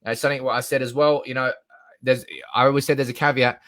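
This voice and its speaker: A young man hosting a live stream, animated and swearing freely while reading out comments from the chat. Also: mid-range voice, fast.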